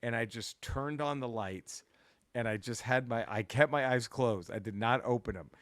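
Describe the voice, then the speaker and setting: A man's voice: mid-range voice, normal speed, no echo. Man telling a story, cursing freely, dry sound. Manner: profane, rambling, animated retelling with restarts. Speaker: podcast co-host. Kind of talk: casual storytelling.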